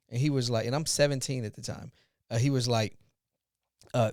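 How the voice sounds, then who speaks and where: A man in his forties, hosting a podcast, telling a personal story in an animated way and acting out the dialogue. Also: medium pitch, fast talker, dry recording, clean studio sound. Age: 40s. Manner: animated retelling, acts out dialogue. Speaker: podcast host. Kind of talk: casual storytelling chat.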